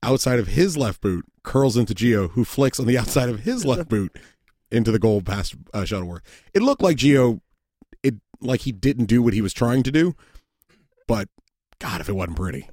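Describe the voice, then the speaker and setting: A man's voice: medium pitch, very animated, moderate pace, a little mellow, dry recording, clean studio sound. A man co-hosting a casual sports podcast, talking bluntly with plenty of swearing and frequent restarts. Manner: blunt, profane, restarts sentences often. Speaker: podcast co-host.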